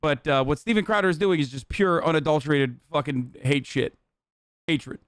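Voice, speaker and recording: A man's voice: a little high, moderate pace, clear, resonant tone, no echo, clean studio sound. A man streaming live on a desk microphone, reacting to a video with blunt, profane, exasperated commentary.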